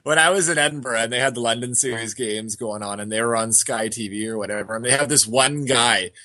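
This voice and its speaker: Chatty bright-voiced man talking sports. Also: mid-range voice, brisk, dry recording. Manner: chatty, rambling, jokey. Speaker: sports podcast co-host. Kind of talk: casual sports chat.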